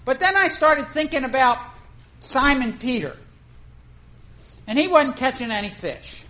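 A woman's voice: sits high, expressive, a little slow, pushed and bright, poor audio. A woman preacher telling a fishing story in a folksy, conversational way, asking the congregation questions. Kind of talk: storytelling sermon.

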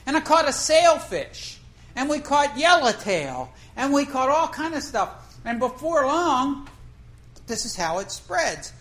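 With a high-pitched voice, big swings in pitch, and a measured pace, a woman preaches a storytelling sermon built around a fishing tale. She chats in a folksy way and asks the congregation questions, though the audio quality is poor.

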